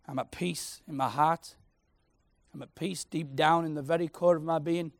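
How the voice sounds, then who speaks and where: A man preaching, passionate and personal, swinging from loud declarations to soft, intimate prayer. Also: on the high side, steady tone, normal speed, creaky, no echo. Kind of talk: sermon.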